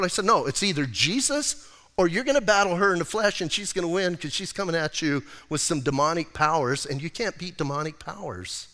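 Animated American pastor, bright tenor. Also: male voice, a little high, fairly quick. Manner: conversational, animated preaching with acted-out quotes. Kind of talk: sermon. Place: church sanctuary. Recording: reverberant church hall recording.

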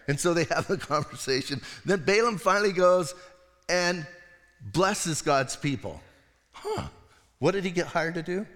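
A middle-aged male pastor tells a story from the pulpit in a relaxed, conversational manner, slipping into little voices along the way. His voice sits somewhat high for a man. A long reverb from the church hall trails every phrase. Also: moderate pace. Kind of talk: sermon.

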